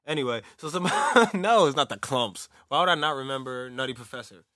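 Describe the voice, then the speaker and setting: A man's voice: medium pitch, fast, bright, forceful tone, no room sound, clean studio sound. A man co-hosting a casual podcast, joking loosely, laughing often and swearing freely. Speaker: podcast co-host. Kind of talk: casual banter.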